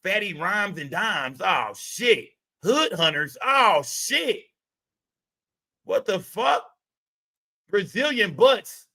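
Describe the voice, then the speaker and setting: A man hosting a livestream, loud and profane, reacting to his chat in casual commentary. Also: high-pitched, very animated, slow pace, long pauses. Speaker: livestream host.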